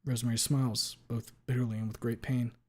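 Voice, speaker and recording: A man reading a story to his stream audience at a middle pitch. His delivery is steady and plain, with quick, playful asides when he loses his place. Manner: reads steadily, owns up to slips with playful asides. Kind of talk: casual live reading.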